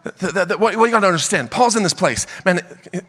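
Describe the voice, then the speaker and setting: A man preaching a sermon as pastor, building his points into impassioned, shouted crescendos. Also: high voice, expressive, fast. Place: church auditorium. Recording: church hall reverb.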